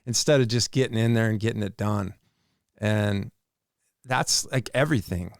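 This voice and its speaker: A man with a deep, clear voice thinks aloud as a podcast co-host, reflective and easygoing. The sound is dry and close. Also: moderate pace, no echo. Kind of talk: casual podcast chat.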